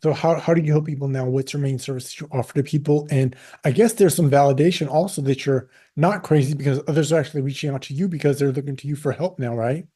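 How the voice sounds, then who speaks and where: A man's voice: fairly high pitch, fast, few pauses, warm tone, husky. A man hosting an interview, asking probing questions in a casual way. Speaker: interviewer, host.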